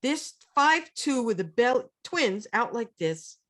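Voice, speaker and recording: A woman's voice: a little high, takes it slowly. A woman co-hosting a casual chat, telling stories with lots of energy and restarts. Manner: animated storyteller, lots of restarts. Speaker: co-host.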